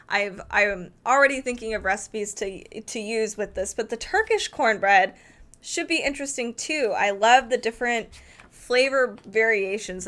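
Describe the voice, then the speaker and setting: Chatty, excited woman reviewing a cookbook. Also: on the high side. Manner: enthusiastic, thinking aloud, self-correcting. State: arm tired from holding a heavy book. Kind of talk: casual cookbook preview, flipping pages.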